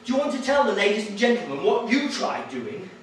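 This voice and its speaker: A brash game show host in an improvised stage play, bossy and patronizing, with a very high voice that leaps around. He is caught from far off in an echoey theatre with faint music behind. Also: big pitch swings, a little fast, slight background noise. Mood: gushing. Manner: showy, bossy, speaks down to the contestant.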